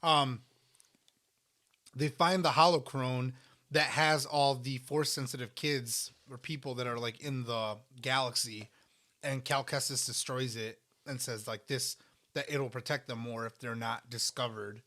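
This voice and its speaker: A man's voice: medium pitch, fairly even intonation, a little slow, sharp tone. A man co-hosting a casual eating podcast, rambling and restarting as he talks with food in his mouth. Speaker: podcast co-host. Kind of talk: casual chat while eating.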